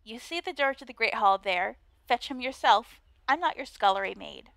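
A woman's voice: on the high side, animated, moderate pace, creaky, a bit bright, no echo. Woman playing mean-girl noblewoman, put-on Valley Girl accent, sneering, drawling, game character, dry close mic.

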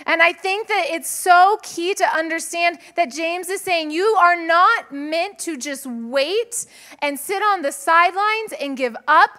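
A woman's voice: very high voice, measured pace, bright, forceful tone. A woman pastor giving a chatty sermon to a live congregation, mixing family stories with scripture and laughing often. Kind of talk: conversational sermon with personal stories. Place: church sanctuary with a live congregation.

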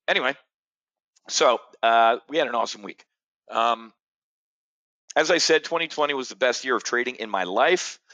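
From a studio chair, a trading educator from the United States pitches a live options-trading brief directly to camera, boastful and brash. He speaks in a lowish, bright voice with a forceful tone, and there's no room sound.

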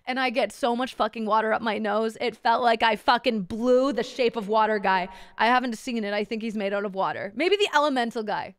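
A woman's voice: a little high, brisk, hardly any pauses, clean tone, no echo. A young woman streaming as a VTuber, telling a story in casual chat, bubbly and giggly and swearing constantly.

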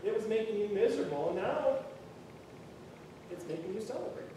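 A man voicing a calm wise man from a parable, speaking in a quizzical, measured way. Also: sits high. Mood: puzzled. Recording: very echoey room, far from mic, faint noise.

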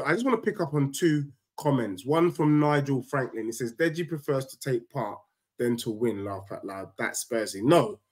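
A young man, co-hosting a casual football debate, emphatic and ranting as a fan. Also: medium pitch. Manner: animated, emphatic, ranting with rising outbursts. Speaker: football podcast co-host, fan.

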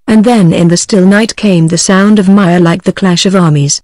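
A woman's voice: fairly low pitch, normal speed, hardly any pauses, no echo. Synthetic British woman reading a story. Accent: British English. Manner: even synthetic text-to-speech reading. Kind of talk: scripted audiobook narration.

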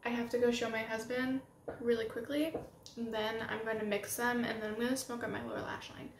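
Excitable woman gushing over makeup, roomy echo. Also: fairly high pitch, fairly quick, slight background noise. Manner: gushing and excitable, talking while applying makeup. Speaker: beauty vlogger. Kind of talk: casual makeup tutorial chat. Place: home room with setting sunlight. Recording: roomy home recording with faint ambience.

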